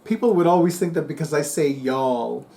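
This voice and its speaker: A man's voice: a little high, fast, warm tone. A man from New Jersey hosting a casual book review vlog, chatty and rambling with many fillers. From New Jersey, USA. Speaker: BookTube channel host.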